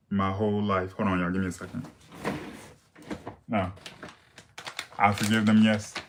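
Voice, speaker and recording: Streamer type: deep man, monotone delivery, sassy and blunt, chatting to viewers over a faint hiss. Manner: blunt, sassy, reads viewer questions aloud. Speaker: livestream makeup host. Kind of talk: casual livestream chat.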